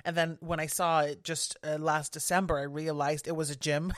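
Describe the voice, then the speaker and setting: A woman's voice: low voice, level tone, moderate pace. A woman guest on a podcast, chatting casually and agreeably. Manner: chatty, agreeable, lots of fillers and laughs. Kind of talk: casual chat.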